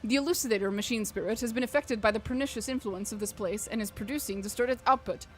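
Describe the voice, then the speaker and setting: A woman's voice: on the high side, quick pace, lightly acted. A woman reading the lines of a precise male machine-priest with clinical, formal phrasing, over faint game music.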